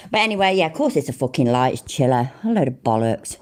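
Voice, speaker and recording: A woman's voice: rumbling low, sing-song, quick pace. A woman streaming, giving sarcastic, casual commentary and swearing freely. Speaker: streamer reacting to clips.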